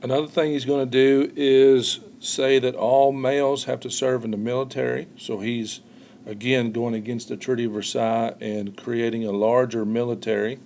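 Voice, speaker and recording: Gravelly-voiced man giving a history lecture. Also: mid-range voice, level tone, normal speed, darkish tone, a little hiss or hum. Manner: explanatory, frequent "uh" fillers, repeats words. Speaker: history teacher. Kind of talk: recorded classroom lecture.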